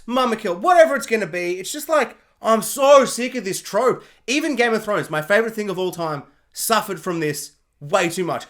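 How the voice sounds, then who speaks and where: A man's voice: high-pitched, a bit bright. A man giving a sarcastic, rambling casual review rant, full of filler words. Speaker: show reviewer.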